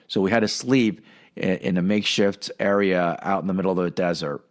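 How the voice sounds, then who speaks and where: A man's voice: low-pitched, steady tone, fairly quick. A man hosting a podcast, telling a long personal story in a casual, rambling way with lots of fillers and restarts. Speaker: podcast host.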